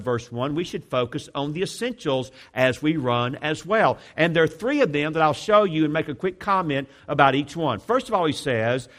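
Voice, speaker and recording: A man in his fifties preaching a sermon, driving hard on some points and dropping low and quiet on others. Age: 50s. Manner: emphatic preaching, swinging between loud declarations and low, quiet intensity. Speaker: pastor.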